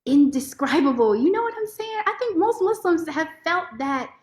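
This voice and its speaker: A woman lawyer giving a heartfelt, expressive personal testimony as a podcast guest. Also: very high-pitched, moderate pace. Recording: roomy echo.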